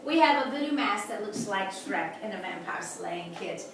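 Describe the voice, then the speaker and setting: A woman's voice: mid-range voice, animated, normal speed, creaky, background noise. A woman guiding visitors through a historic house, telling folksy stories with jokes. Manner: chatty, folksy storytelling with jokes. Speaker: tour guide. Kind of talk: guided house tour. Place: indoors in a large historic house. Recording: echoey room from far off.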